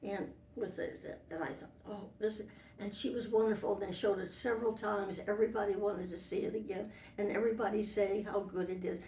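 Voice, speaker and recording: A woman's voice: mid-range voice, steady tone, fairly quick, mellow, far from the mic, a little hiss or hum. An older woman being interviewed, telling anecdotes from long ago in a rambling way with restarts. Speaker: interviewee, former model for an animated fairy. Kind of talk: reminiscing interview. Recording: roomy, from away from the mic.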